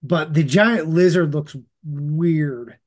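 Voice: medium pitch, slow, darkish tone. A co-host in casual chat, giving brief agreeing replies.

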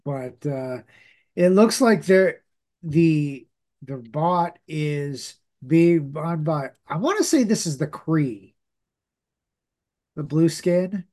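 A male podcast host with a fairly high pitch, lively intonation and a dark tone speaks slowly. He casually retells a comic book story, rambling and frequently using fillers and restarting.

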